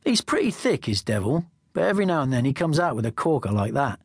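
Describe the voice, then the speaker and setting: A male audiobook narrator telling the story in the first person in a wry, chatty way. His voice sits at an average pitch and the recording is close and dry. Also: very animated, fast talker, husky, no echo.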